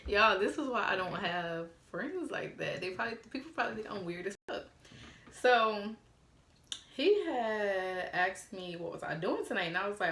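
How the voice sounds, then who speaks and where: A woman's voice: mid-range voice, creaky, a bit bright. A young woman vlogger telling a story casually, blunt and frank, swearing freely and mimicking the texts she got. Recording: roomy echo.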